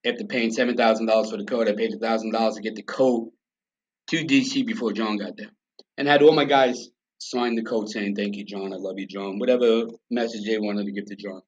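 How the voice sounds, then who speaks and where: An American man appears as a podcast guest, telling a story in a blunt, profane, conversational way and performing the quoted dialogue. His voice is fairly low with fairly even intonation, he talks a little fast, and the recording sounds lo-fi.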